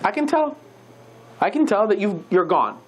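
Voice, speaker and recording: Calm rabbi, gentle, direct, probing questions, as a storyteller voices him. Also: medium pitch, normal speed, slightly rough.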